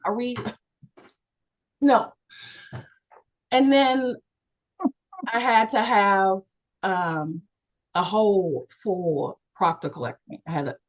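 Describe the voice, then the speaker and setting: A woman from West Virginia candidly telling her personal story on a video call, animated and acting out the voices of the people in it. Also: mid-range voice, poor audio. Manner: animated, acts out quoted people with big jumps in voice. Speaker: panelist and co-author sharing a near-death experience.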